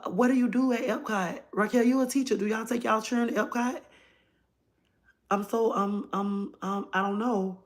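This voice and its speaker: A woman chatting casually on a phone livestream, rambling and talking straight to her viewers. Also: mid-range voice. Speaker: livestream host.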